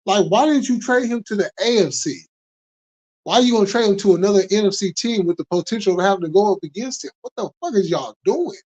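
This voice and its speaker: A man's voice: sits high, quick pace, a little mellow, muffled recording. A man hosting a casual late-night sports talk stream, ranting heatedly with lots of profanity and laughter. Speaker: host.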